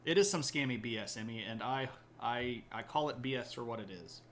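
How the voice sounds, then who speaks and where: A man's voice: mid-range voice, fairly quick, a bit bright, a little hiss or hum. A man hosting a live history stream, chatting casually with viewers, full of fillers and restarts. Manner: rambling, many fillers and restarts, laughs at own jokes. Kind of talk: casual chat reading viewer comments.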